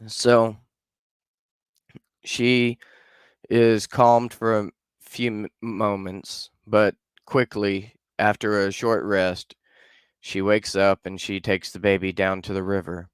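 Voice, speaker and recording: A man tells an old legend in a loose, chatty way, full of fillers and asides. His voice is deep and smooth with a resonant tone. The sound is dry and close, with no room around it. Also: flat delivery, slow pace, no echo. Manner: loose and conversational, hedging with fillers. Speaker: podcast storyteller. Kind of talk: casual storytelling.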